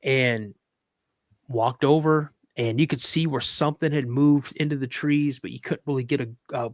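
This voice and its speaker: A man's voice: mid-range voice, steady tone, moderate pace, no echo, clean studio sound. A man, a podcast guest, telling a story in casual chat, rambling with restarts and fillers and acting out other people's lines in a raised voice.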